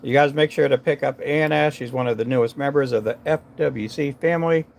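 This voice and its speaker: A man with a gravelly, creaky voice talks to viewers on his live stream. He rambles from thought to thought with lots of fillers and false starts as he works at his tying bench indoors. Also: medium pitch, brisk, slight background noise. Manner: rambling, chatty, many fillers and restarts. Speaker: livestream host tying fishing jigs.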